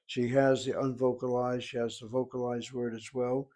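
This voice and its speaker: A man's voice: mid-range voice, little pitch movement, moderate pace, darkish tone. A man teaching a Hebrew lesson, explaining grammar rules step by step as he writes on a board. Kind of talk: classroom lecture at a whiteboard.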